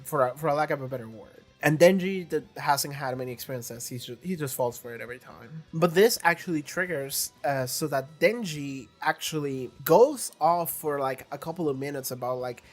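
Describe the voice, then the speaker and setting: A man rambling through casual reaction commentary, retelling scenes and thinking aloud as he goes. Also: mid-range voice. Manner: animated storytelling, acts out quotes. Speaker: reaction video host.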